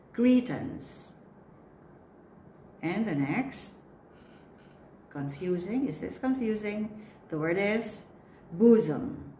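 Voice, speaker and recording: A woman coaching church readers on pronunciation. She says each word slowly and clearly, then repeats it. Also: lowish voice, a little mellow. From Philippines. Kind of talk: pronunciation drill, slow and repeated. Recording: echoey room with faint noise.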